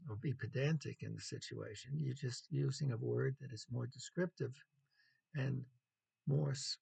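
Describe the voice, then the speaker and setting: A man giving a measured classroom lecture on writing as the instructor, pausing often with ums and clearing his throat. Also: medium pitch, warm tone.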